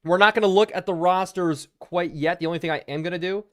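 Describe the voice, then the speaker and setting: A man's voice: high-pitched, fast, a bit bright, clear, resonant tone. Chatty young male streamer. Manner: chatty, thinking aloud and answering chat. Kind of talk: live game-stream commentary.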